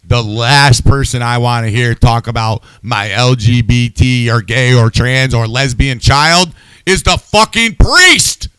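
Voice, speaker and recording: A man's voice: medium pitch, fairly even intonation, unhurried, few pauses, fairly bright tone, smooth, no room sound. A man hosting a podcast, ranting in a heated, profane, casual way. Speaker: podcast host.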